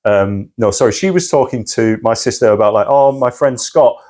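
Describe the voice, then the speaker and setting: Animated man telling stories. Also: medium pitch, moderate pace. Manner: animated storyteller, acts out quoted voices, many restarts. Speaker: guest. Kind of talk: casual storytelling about spirituality.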